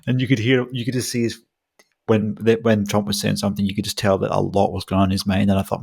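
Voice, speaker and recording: Low, gravelly-voiced man hosting a podcast. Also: flat delivery, quick pace, a little mellow. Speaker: podcast host. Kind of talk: casual podcast conversation.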